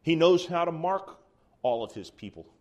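A man teaching a Bible study class, explaining calmly and reading scripture passages aloud, with some restarts. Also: fairly high pitch, moderate pace.

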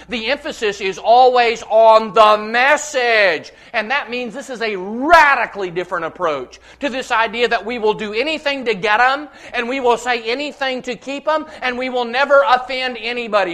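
Slow, emphatic preacher man. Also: very high-pitched. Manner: emphatic, builds to loud repeated declarations; reads scripture aloud with verse references. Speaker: pastor. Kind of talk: sermon.

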